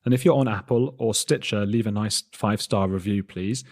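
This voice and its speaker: A man's voice: on the low side, brisk, a little mellow. A man hosting a podcast, chatty and self-mocking, reading an intro and then interviewing a guest. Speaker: podcast host.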